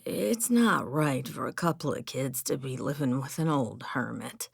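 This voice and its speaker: Audiobook: woman as slow, raspy, croaking old male hermit, gruff and stern. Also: extremely low pitch, expressive, no echo, studio quality, full character voice. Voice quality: croaking, gravelly. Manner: gruff and stern, softening to gentle hush. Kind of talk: audiobook character voice.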